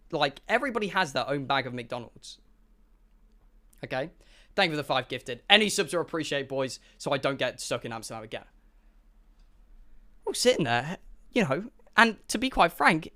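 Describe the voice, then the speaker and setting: A young man streaming, telling a rambling, profane story to his live chat in an animated way. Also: fairly high pitch.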